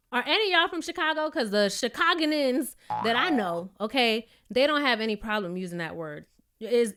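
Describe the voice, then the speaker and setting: A woman giving a sassy, blunt, casual recap of a reality show, with animated asides. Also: a little high, clean tone.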